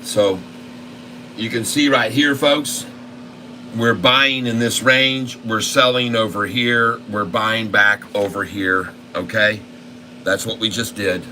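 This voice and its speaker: Male trading host, live commentary, folksy and excitable, bright sharp tone. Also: fairly low pitch, takes it slowly, slight background noise, low-quality recording. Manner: folksy and excitable, keeps addressing the viewers. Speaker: stock trading channel host.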